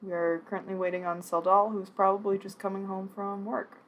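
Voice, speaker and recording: A woman's voice: mid-range voice, flat delivery, fairly quick. Chatty woman with a Wisconsin accent. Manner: chatty, laughs often, playful. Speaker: stream host. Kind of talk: casual chat on a livestream.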